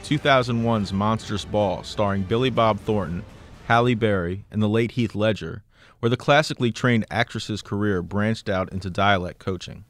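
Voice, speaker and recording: A man reporting and narrating a scripted radio news feature in a measured, even way. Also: on the low side. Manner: measured, even storytelling delivery.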